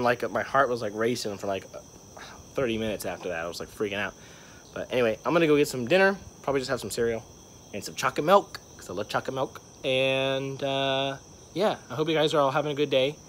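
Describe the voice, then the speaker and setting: A man's voice: medium pitch, fairly bright tone, a little hiss or hum. Rambling young male vlogger. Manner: rambling, filler-heavy storytelling. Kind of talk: casual vlog monologue.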